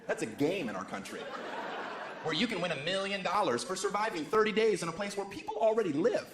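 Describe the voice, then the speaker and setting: An American man with a high-sitting voice, lively intonation, and fast delivery performs stand-up on stage at a large venue. His sarcastic, provocative punchlines come with sudden leaps into exaggerated voices, captured in a roomy live hall with a loud crowd laughing and applauding.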